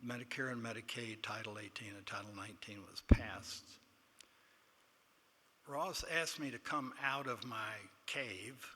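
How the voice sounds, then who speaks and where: A man's voice: mid-range voice, bright, forceful tone, breathy edge. An older man with a Texan accent giving an award acceptance speech, telling a self-deprecating story and quoting others in dialogue. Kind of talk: anecdotal speech. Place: large banquet hall. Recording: long hall reverb, faint room noise.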